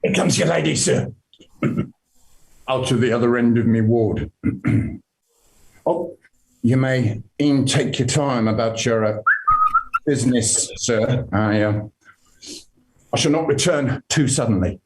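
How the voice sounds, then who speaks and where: An actor playing a humble, chatty palace guard in Elizabethan stage acting, folksy and deferential. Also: male voice, medium pitch, slow, creaky, long pauses, a little mellow, reverberant, poor audio. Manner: deferential, folksy, keeps calling the other man sir.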